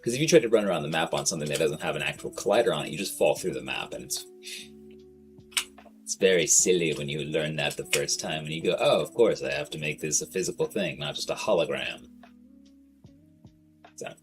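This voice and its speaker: A deep, low-voiced man talks casually on a livestream at a fairly quick pace with frequent pauses, rambling from thought to thought. His speech is slangy and heavy with swearing, with soft guitar music playing quietly behind him.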